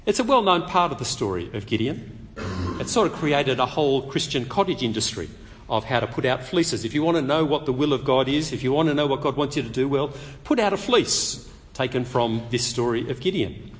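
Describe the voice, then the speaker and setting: A man preaching a sermon, telling the story lively and acting out the quotes. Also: medium pitch, a little fast, big-room sound, a little hiss or hum.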